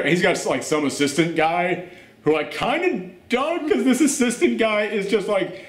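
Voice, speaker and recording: A man hosting a casual movie rant, animated and exasperated, swearing and laughing often. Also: a little high, moderate pace. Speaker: host. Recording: roomy echo.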